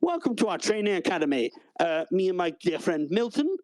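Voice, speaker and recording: A man's voice: sits high, very animated, a little fast, a little mellow, dry recording. A man voicing a chirpy, flustered male receptionist at a training academy in a tabletop game. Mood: cheery.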